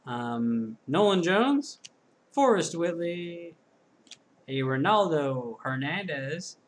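A man's voice: a little high, fairly bright tone, slight background noise. Chatty man reading off card names. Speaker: card-breaking channel host. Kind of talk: casual solo pack-opening commentary. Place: corner of a room at home.

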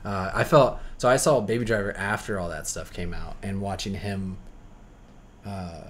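On a streaming mic with slight background noise, a male podcast host speaks in a low voice, fairly even in intonation and moderate in pace. It's a casual trailer reaction chat, rambling and packed with fillers and self-doubt.

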